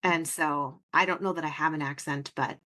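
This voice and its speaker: Bubbly low-voiced Minnesotan woman host. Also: steady tone, normal speed, sharp tone. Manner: bubbly, laughs often. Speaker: podcast host. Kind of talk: casual interview chat.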